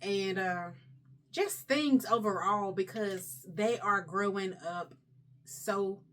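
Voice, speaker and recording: A woman's voice: mid-range voice, takes it slowly, a bit bright. A young woman vlogger chatting casually, talkative and emotional, rambling as she talks. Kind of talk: casual chat.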